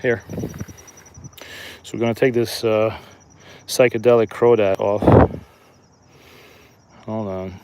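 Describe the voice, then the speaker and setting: A man's voice: fairly low pitch, takes it slowly, pauses often, noisy background. Brief: easygoing guy streaming from a riverbank, chatty, talks straight to viewers. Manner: relaxed, chatty, talks to viewers while fishing. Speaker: fishing streamer. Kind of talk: casual live-stream commentary. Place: outdoors at a riverbank.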